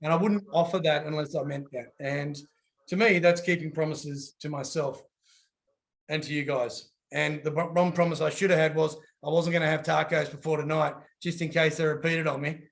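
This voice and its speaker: A man's voice: a little high, normal speed, creaky. A man giving casual coaching advice and acting out little voices as he tells stories. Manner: animated, acts out voices in his stories.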